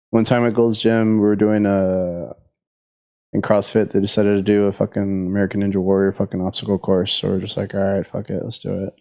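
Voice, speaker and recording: A man's voice: on the low side, darkish tone. A man in casual podcast chat, telling a rambling, profane, laid-back story.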